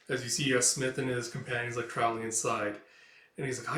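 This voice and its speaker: A man in a casual comic read-through, rambling along with constant fillers, in a mid-pitched voice. He sits away from the mic in a roomy, echoing space. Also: flat delivery, fast talker, a bit bright. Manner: rambling, filler-heavy retelling. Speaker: reader. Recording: roomy echo, mic far off.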